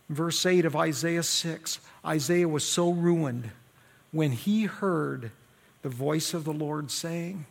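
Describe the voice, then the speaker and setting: A man preaching a sermon as pastor, swinging between loud emphatic peaks and quiet, low stretches. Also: a little slow, vocal fry.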